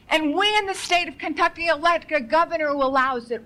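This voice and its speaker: Fervent high-voiced woman preaching. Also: a little fast, hardly any pauses, bright, forceful tone, low-quality recording. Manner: urgent, fervent, rhetorical questions; repetitive, pleading emphasis. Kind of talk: impassioned sermon.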